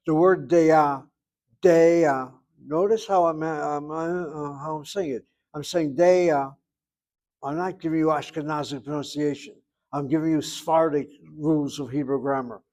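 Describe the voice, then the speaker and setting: An older man leads a language class in a fairly high voice. He wanders into personal asides, then comes back to lean hard on each example word, spelling out the sounds for his students. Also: darkish tone. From United States. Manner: digressive, emphatic over-pronouncing. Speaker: Hebrew teacher. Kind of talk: classroom grammar lesson.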